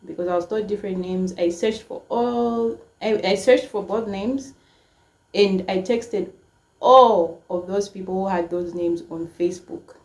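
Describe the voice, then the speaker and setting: A woman's voice: medium pitch, measured pace. A woman in her twenties telling a personal story to camera in a casual, emotional way, full of "like" fillers. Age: 20s. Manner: emotional, frequent "like" fillers, animated quoting. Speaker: storytime vlogger.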